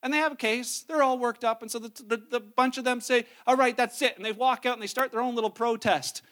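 High-voiced man preaching a sermon. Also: fairly even intonation, fairly quick, fairly bright tone. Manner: conversational, acts out quoted people in voices. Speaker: pastor.

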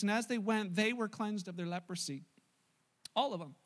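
A male pastor preaching a sermon, telling stories in an animated way and acting out the voices. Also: sits high, fairly quick. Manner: animated storytelling with acted-out voices.

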